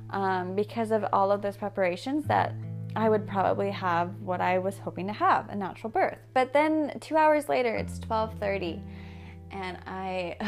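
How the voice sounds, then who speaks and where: A young woman recounts a personal story straight to camera in an emotional, reflective way, pausing and circling back as she searches for words. Her mid-pitched voice carries a gravelly fry, and guitar music plays clearly underneath. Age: young adult. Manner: emotional, reflective, halting with restarts. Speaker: family vlogger. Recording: soft guitar music behind.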